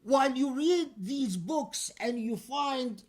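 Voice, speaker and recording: A man preaching a Friday sermon in a deliberate, emphatic and pointed way. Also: very high-pitched, animated.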